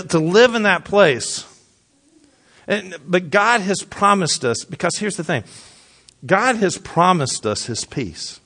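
A man preaching a sermon in a conversational way, repeating phrases and speaking straight to his listeners. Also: high-pitched. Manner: mutters scripture quietly. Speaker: pastor.

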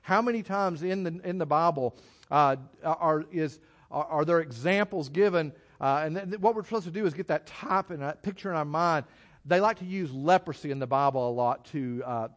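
A man preaching a sermon in a folksy, halting way, often restarting his sentences. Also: on the high side.

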